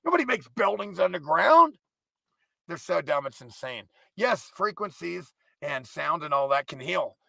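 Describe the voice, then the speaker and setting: A gravelly, hard-edged male voice, recorded dry and close with no room sound. He hosts a live stream and rants profanely and with contempt, leaning hard into every jab. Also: sits high, very animated, a little slow, pushed and bright, no echo. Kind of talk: ranting live stream monologue.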